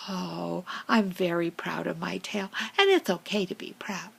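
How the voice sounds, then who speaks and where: A friendly but vain female fox, played by a woman tells a storybook tale to children in a whispered role-play. Her voice is husky and gravelly, and she talks at an unhurried pace. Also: fairly low pitch, a bit bright, exaggerated voice, rough recording. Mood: proud, playful. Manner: slow, breathy storytelling to children.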